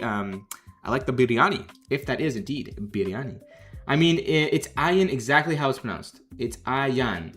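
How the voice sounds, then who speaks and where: A man's voice: medium pitch, sharp tone. A young man hosting a livestream as a game developer, chatting casually and jokingly reading out comments. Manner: chatty, jokey, reads chat aloud and rambles.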